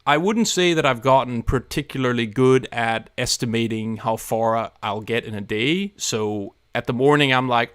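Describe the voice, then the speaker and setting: A man's voice: mid-range voice, normal speed, a bit bright, smooth, no echo, studio quality. A man hosting a live stream, chatting casually and rambling with self-deprecating humor to his viewers. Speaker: livestream host.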